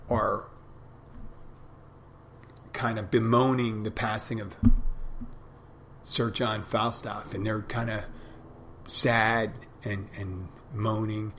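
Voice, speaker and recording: Middle-aged male podcast host, low voice, reflective and rambling, faint noise on the track. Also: a bit bright. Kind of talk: casual monologue.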